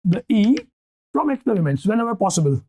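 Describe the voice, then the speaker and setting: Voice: mid-range voice, big pitch swings, fairly quick, mellow, slightly rough, lo-fi sound. A lecturer giving a university lecture, thinking aloud with restarts and often asking "okay, right?" to check that students follow.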